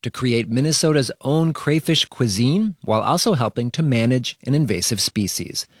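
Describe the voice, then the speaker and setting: A man reporting a news feature for radio in a measured, even narration. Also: mid-range voice, slightly rough, dry recording, studio quality.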